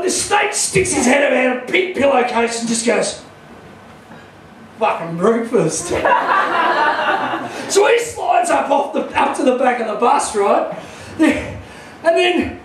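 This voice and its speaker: An Australian man with a notably high voice doing stand-up comedy in a small, very echoey club. His crude story builds in rowdy bursts, and he is recorded from well back off the mic. A faint murmur of the room sits underneath. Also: distant mic, slight background noise.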